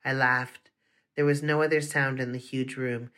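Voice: mid-range voice, flat delivery, moderate pace, fairly bright tone. Earnest first-person audiobook narrator.

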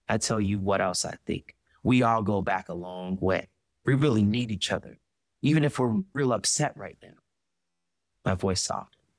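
A man reading a first-person audiobook in a slow, measured, quietly emotional way. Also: deep voice, no room sound. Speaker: audiobook narrator.

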